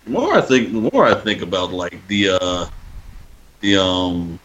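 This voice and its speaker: Young man, lower voice, halting casual delivery, full of fillers. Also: sing-song, fairly bright tone, dull audio. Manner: hesitant, many ums, loses his thread. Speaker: podcast guest. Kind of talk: casual chat.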